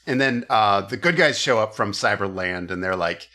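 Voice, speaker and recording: Bright-voiced man recapping a movie. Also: mid-range voice, expressive. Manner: acts out movie characters in quick silly voices. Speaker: podcast host recapping a movie. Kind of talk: casual comedic chat.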